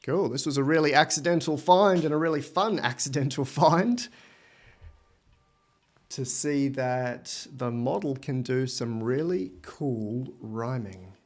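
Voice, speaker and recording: A man's voice: medium pitch, measured pace, soft background music. Enthusiastic Australian man hosting a livestream. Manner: enthusiastic, thinks aloud while typing. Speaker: livestream host. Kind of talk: live software demo.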